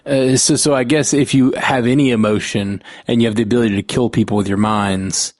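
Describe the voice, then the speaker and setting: A man's voice: mid-range voice, fairly even intonation, a little fast, darkish tone, no echo. Thoughtful man podcast co-host, dry sound. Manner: thoughtful, repeats words while searching. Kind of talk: casual chat.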